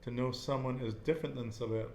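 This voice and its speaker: A man's voice: medium pitch, fairly even intonation, fast, gravelly, darkish tone, reverberant, a little hiss or hum. A man teaching a casual Spanish lesson, repeating each answer and praising it.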